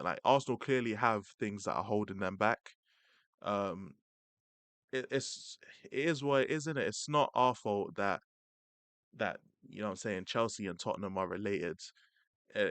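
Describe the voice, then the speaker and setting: A man's voice: medium pitch, a bit bright, dry recording. A young man, a streamer mocking football rivals in casual, slang-heavy banter. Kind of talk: casual livestream rant.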